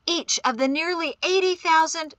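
A woman's voice: extremely high pitch, moderate pace, no room sound, voice pushed up. A woman reading an audiobook, voicing a stern, protective middle-aged man who is the group's guide and an exasperated uncle. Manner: forceful and exasperated.

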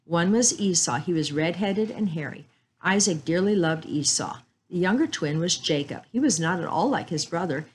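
A woman storyteller reading a chapter book and a Bible story aloud in a calm, measured way. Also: lowish voice, a little hiss or hum, rough recording.

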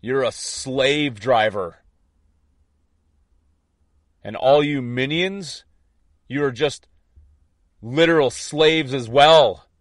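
A man's voice: mid-range voice, extremely slow, pauses often, dry recording, studio quality. A man giving an impassioned spiritual monologue, intense and defiant, repeating his points. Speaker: online preacher.

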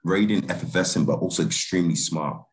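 A man's voice: low-pitched, fast. A man, a film director talking casually as an interview guest, laid-back and laughing easily, with many restarts and fillers. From Britain.

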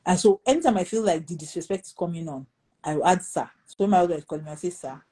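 A middle-aged woman with a Nigerian accent tells a story in a relaxed, mellow, slightly husky voice. She acts out the quoted lines as she goes, playing each part in the exchange. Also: lowish voice, very fast, low-quality recording. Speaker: pastor. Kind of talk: storytelling in a talk show conversation.

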